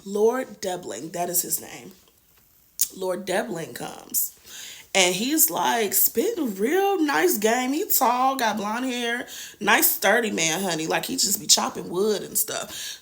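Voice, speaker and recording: A young woman hosts a TV review show, recapping an episode in loose, slangy chat. Her delivery is animated and full of sassy asides. Her voice has a bright, sharp edge. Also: a little high, a little slow, gravelly. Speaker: TV review host.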